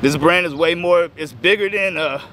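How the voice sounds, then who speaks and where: A man in his thirties telling his recovery story emotionally, halting and choking up, with frequent restarts. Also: a little high. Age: 30s. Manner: halting, choked up, breaks off with restarts. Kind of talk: emotional personal testimony. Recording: outdoor street noise with passing cars.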